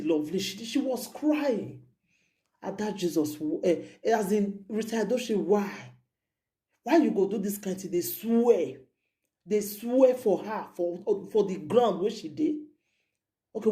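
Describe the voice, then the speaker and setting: A woman's voice: on the low side, mellow. A woman vlogger with a Nigerian Pidgin accent, giving emotional commentary with repeated exclamations and indignant questions.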